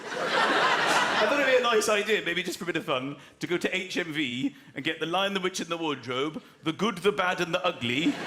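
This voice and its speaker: Animated southern English man doing stand-up. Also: sits high, very noisy. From southern England. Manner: animated, acts out characters in quick put-on voices. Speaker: stand-up comedian. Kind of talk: stand-up comedy routine. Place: large live comedy venue. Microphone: stage microphone. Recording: live stage mic in an echoey venue with a roaring crowd.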